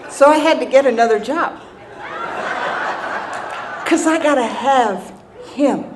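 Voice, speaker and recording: A woman giving a humorous recovery talk to an audience, animated and self-mocking, laughing often and checking in with "right?". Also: sits high, takes it slowly, crowd noise, noisy background. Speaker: speaker sharing a recovery story.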